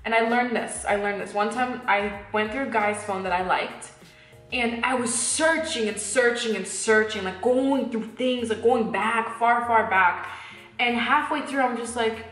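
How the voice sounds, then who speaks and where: A woman's voice: on the high side, moderate pace, fairly bright tone. A young woman giving blunt, candid relationship advice in a casual talk, swearing freely and acting out little exchanges. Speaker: advice giver. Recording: echoey room with faint music.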